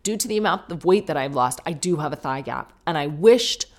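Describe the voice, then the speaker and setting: A British woman hosts her own podcast and tells a story with lively, self-mocking comic timing. Her voice sits a little low for a woman, and she talks with plenty of energy and play. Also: brisk. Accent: British English. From Britain. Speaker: podcast host.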